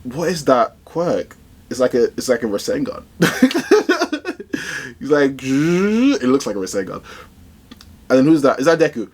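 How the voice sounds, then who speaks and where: Excitable, rambling man reacting to manga. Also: medium pitch, moderate pace. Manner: excitable, rambling, slangy with fillers. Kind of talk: casual reaction commentary.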